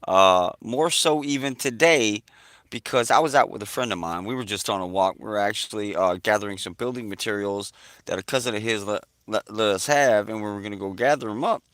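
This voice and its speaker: A man's voice: on the low side, a little fast, fairly bright tone, dry recording, clean studio sound. A man ranting casually to camera as a vlogger, agitated, swearing constantly and repeating himself. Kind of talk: casual profane rant to camera.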